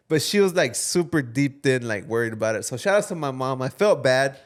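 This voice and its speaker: A man's voice: mid-range voice, expressive, fairly quick, few pauses. A man co-hosting a podcast, telling a story in a loose, casual way with some swearing. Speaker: podcast co-host. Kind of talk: casual chat.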